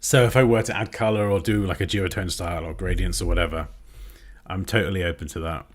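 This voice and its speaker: Casual British-accented man, lowish voice, teaching design on a livestream. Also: fairly even intonation, fast talker. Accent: standard British English. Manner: chatty, thinking aloud while working. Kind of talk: casual live design tutorial. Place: home workspace with a cat nearby.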